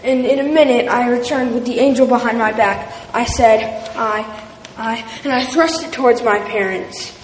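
A woman's voice: on the high side, fairly even intonation, moderate pace. A woman reading a first-person story aloud in a plain, earnest way. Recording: distant voice in an echoey hall with faint noise.

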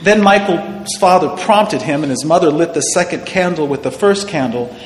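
A man's voice: a little high, lively intonation, normal speed. Man reading a story in an echoey hall. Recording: echoey hall with long reverb and faint noise.

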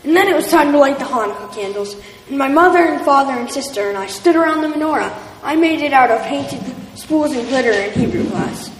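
A woman's voice: high voice, lively intonation, fairly quick. Woman reading a story from across a hall. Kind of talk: first-person story reading. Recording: distant voice in an echoey hall with faint noise.

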